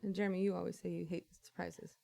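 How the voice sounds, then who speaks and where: A woman's voice: on the low side, quick pace, vocal fry, dry recording. A woman co-hosting a podcast in casual chat, telling stories with lots of laughter and swearing. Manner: giggly, profane, animated storytelling. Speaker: podcast co-host.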